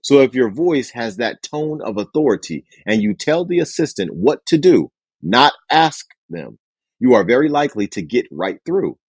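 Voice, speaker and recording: A man's voice: big pitch swings, moderate pace, husky, no room sound, studio quality. A man hosting a book club, reading a business book aloud and acting out sample phone calls. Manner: acts out phone dialogue with raised pitch for characters.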